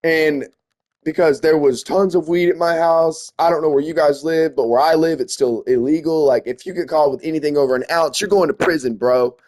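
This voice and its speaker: A young man tells a story straight to his viewers, cursing freely and leaning hard on every point. His voice sits somewhat high for a man, and he keeps calling his audience guys and bro. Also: a little fast, a little mellow. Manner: profane, emphatic, addresses viewers as guys and bro. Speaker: storyteller vlogger.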